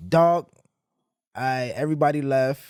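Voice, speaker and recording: A man hosting a podcast, telling stories in a loose, animated way. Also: medium pitch, measured pace, clean tone, dry recording, clean studio sound. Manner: storytelling, animated retelling. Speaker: podcast host. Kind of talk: casual podcast chat.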